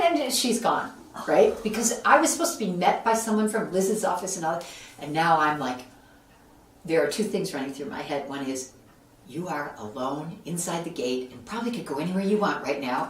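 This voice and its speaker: Woman telling a lively story in a roomy space. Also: lowish voice, brisk. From Buffalo, New York. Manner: animated, acts out quoted voices. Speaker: interview guest, author. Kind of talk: storytelling in a casual interview. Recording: roomy echo, mic at a distance, faint background noise.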